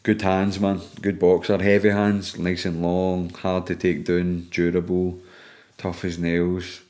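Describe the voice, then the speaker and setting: Deep-voiced Scottish man telling stories. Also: completely flat delivery, takes it slowly, a little mellow. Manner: swears freely, laughs through stories. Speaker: MMA fighter guest. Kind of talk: casual podcast chat.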